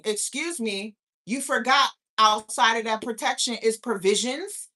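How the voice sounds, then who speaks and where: High, bright-voiced woman ranting. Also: unhurried, few pauses. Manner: profane, incredulous, rhetorical questions. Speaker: host of a live talk stream. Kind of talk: casual live-stream rant.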